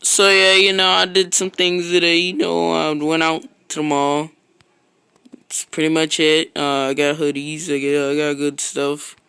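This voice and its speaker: A man's voice: a little high, completely flat delivery, unhurried, creaky, sharp tone, smooth, no room sound, low-quality recording. A man streaming a block-building game, chatting casually in a rambling, slangy way that often trails off into a mutter. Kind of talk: casual live-stream chat. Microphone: own streaming mic.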